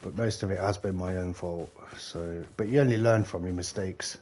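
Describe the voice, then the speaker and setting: A British man with a low, slightly mellow voice chats casually while gaming on a live stream, speaking at normal speed with fairly even intonation. He rambles, swears and laughs a lot, sounding a little tipsy.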